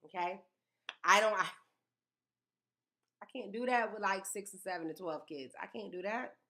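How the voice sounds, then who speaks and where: A woman, telling stories in a casual chat, animated and emphatic, often repeating words for effect. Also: medium pitch, moderate pace. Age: 30s.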